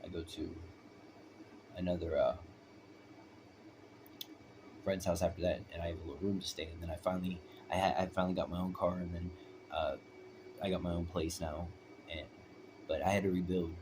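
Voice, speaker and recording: A man with a deep, low voice tells his own story in a loose, rambling way. He presses his points hard and keeps checking in with "right?" A light background noise runs under the recording. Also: level tone, moderate pace, pauses often. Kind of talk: personal storytelling.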